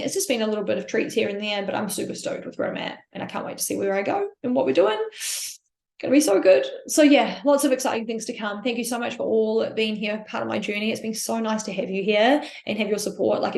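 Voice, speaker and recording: Young New Zealand woman, podcast host, higher voice with vocal fry, upbeat and rambling, echoey room. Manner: chatty, upbeat, rambling with many likes and ums. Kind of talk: casual solo podcast chat.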